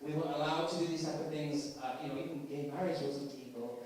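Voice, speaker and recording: A man's voice: on the high side, steady tone, fast. A man, an actor, giving an earnest, self-mocking speech on stage at an awards event. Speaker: actor, guest speaker. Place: stage in a large event hall. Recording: echoey hall from far off, loud crowd.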